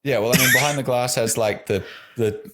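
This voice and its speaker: A man's voice: medium pitch, fairly even intonation, brisk, a bit bright. A man with an Australian accent, a guest on a podcast, chatting easygoing and rambling with lots of "like". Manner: easygoing, rambling, says "like" a lot. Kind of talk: casual podcast chat.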